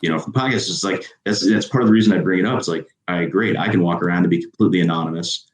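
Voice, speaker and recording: A man's voice: low-pitched, very fast, roomy sound. A man from Chicago hosting a podcast, chatting casually and rambling a little. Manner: rambling, many fillers and restarts. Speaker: podcast host.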